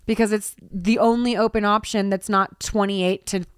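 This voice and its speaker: A woman's voice: mid-range voice, steady tone, normal speed, smooth, no echo, clean studio sound. A young woman co-hosting a casual podcast, telling stories in an exasperated, profane rant. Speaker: podcast co-host. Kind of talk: casual chat, storytelling.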